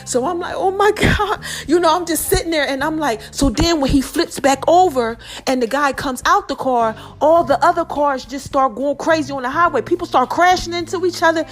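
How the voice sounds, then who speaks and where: A woman in her forties from New Jersey, hosting her own podcast and telling a story in an animated, emphatic, slangy way. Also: high-pitched, fairly quick, few pauses, faint music behind. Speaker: podcast host. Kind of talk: casual storytelling monologue.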